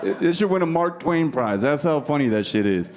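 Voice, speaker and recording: Fairly high-pitched and sing-song, a man's slightly mellow voice moves fairly quickly through a brash stand-up routine with profane crowd work. He's in his thirties, on a comedy club stage recorded live amid a laughing audience.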